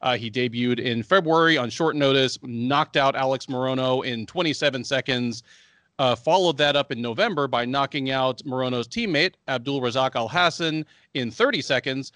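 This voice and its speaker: A man co-hosting a sports podcast, reading a fight preview full of records and betting odds in a measured way. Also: medium pitch, a bit bright, no echo. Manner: measured, stat-heavy delivery. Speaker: co-host.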